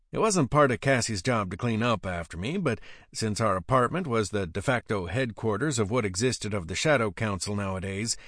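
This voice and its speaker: A man's voice: lowish voice, dry recording, clean studio sound. Male narrator with a wry, gritty delivery. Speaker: audiobook narrator. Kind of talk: first-person fiction narration.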